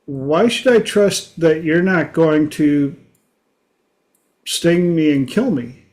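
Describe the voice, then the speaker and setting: A good-natured male frog in a spoken fable, halting and uneasy, as a man puts him on. He stammers a little and his voice rides high. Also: darkish tone. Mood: hesitant. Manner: hesitant, startled. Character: nice, trusting, wary male frog.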